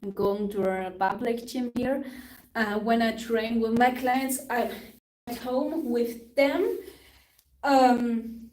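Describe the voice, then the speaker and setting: A young Austrian woman hosting a casual live stream, her voice pitched a little high. She sounds chatty and upbeat and laughs often. She is heard from a distance in an echoey room. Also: steady tone, slow pace, darkish tone. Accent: Austrian German. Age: young adult. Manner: chatty and upbeat, laughs often, switches between English and German. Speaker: fitness trainer and live stream host. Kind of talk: casual live-stream chat answering comments.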